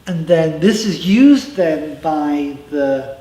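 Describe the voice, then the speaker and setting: A man's voice: a little high, expressive, slow, dark tone. A middle-aged man giving a personal account in an interview. He is reflective, with emphatic asides. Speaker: interviewee, former member telling his story. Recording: roomy, from a distance, faint ambience.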